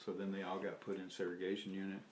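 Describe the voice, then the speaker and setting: An older man with a Southern US accent, a low-sitting voice and a monotone, fast delivery tells a rambling personal story as an interviewee recalling activism. He chuckles, swears, and trails off before restarting. The mic is distant and the room roomy, with faint noise.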